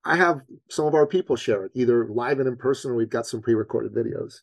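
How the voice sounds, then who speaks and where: A man, a business coach, telling a personal story on a podcast in an earnest, animated way that leans on his faith. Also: mid-range voice, quick pace, vocal fry, no room sound. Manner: animated storyteller, acts out his own panic.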